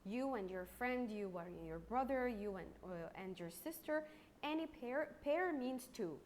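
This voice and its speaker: A young woman with an Egyptian accent teaches a primary English lesson in a recorded online session, slow and patient, repeating words and stretching them out to clap their syllables. Her voice is fairly high with lively intonation and a darkish tone, over a little hiss or hum.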